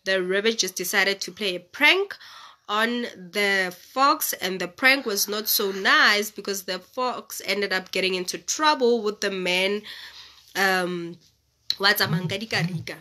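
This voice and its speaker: A woman's voice: mid-range voice, a little slow, sharp tone. A young woman reading a children's story aloud and chatting about it. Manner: chatty, explaining.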